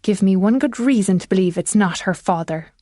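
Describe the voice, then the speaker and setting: A woman narrator voicing a sharp-tongued, scornful wealthy older widow and mother in an audiobook. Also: fairly quick, no room sound, clean studio sound, natural voice. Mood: bitter. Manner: shrill and scornful.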